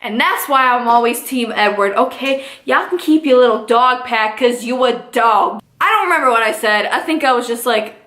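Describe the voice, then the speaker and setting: Young woman, sassy storytime vlogger, high voice, echoey room. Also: moderate pace, few pauses. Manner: sassy, animated storytelling with slang. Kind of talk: casual storytime vlog.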